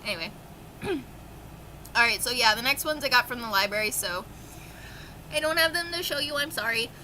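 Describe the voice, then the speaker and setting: Brief: young woman book vlogger, bright and a little high, excitable and gushing, dry throat. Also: normal speed, a little hiss or hum, rough recording. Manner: gushing, excitable, swears casually. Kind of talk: casual monthly reading wrap-up.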